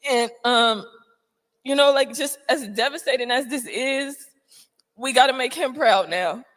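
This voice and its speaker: A woman's voice: high voice, a little slow, a bit bright. A woman giving a heartfelt eulogy at a memorial, emotional and holding back tears, with plenty of fillers. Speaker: family member giving a eulogy. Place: memorial gathering before a crowded room. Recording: long reverb in a large room.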